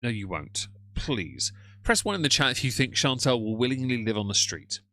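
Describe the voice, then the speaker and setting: A man's voice: medium pitch, very animated, normal speed, pushed and bright, no room sound. A man hosting a live stream, talking casually and mockingly to his viewers and greeting chat. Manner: sardonic, mocking, chatty asides to viewers. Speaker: livestream host. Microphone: headphones on, moderating chat from a phone.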